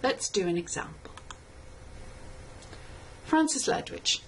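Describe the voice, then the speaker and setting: Woman, lecturer, lowish voice, measured scripted tutorial, faint hiss behind. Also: expressive, low-quality recording. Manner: measured, explanatory, reads poem aloud slowly. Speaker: literature lecturer.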